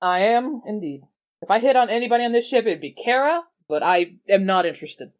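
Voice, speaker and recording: A woman's voice: medium pitch, expressive, brisk. A woman playing a character in a tabletop game, laid-back and dry, with a wry sense of humor. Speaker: player.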